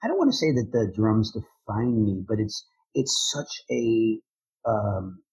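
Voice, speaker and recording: A man, a drummer and motivational speaker, answering interview questions in an energetic, enthusiastic way. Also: fairly low pitch, unhurried, breathy edge, rough recording.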